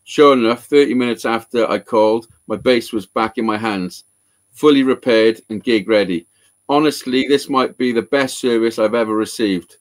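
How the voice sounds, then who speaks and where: A man who repairs guitars, telling a story in casual live-show chat with lots of swearing and excitement. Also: mid-range voice, normal speed.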